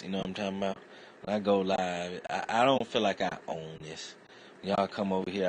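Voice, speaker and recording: Man, very low voice, casual livestream chat, profane rambling stories. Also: slight background noise, rough recording. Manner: acts out quoted voices loudly. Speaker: livestream host.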